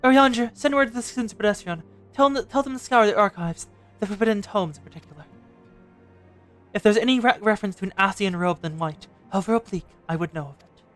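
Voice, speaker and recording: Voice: medium pitch, fast talker, a bit bright, soft background music, natural voice. A streamer reading a grave fantasy leader. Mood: commanding. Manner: commanding, formal. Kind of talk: reading game dialogue aloud on a stream.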